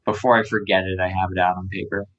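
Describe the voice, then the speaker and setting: A startup founder talking casually in an interview, relaxed and rambling, with many fillers. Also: male voice, low voice, fast, phone-quality sound. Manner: relaxed, filler-heavy, lots of "um" and "like".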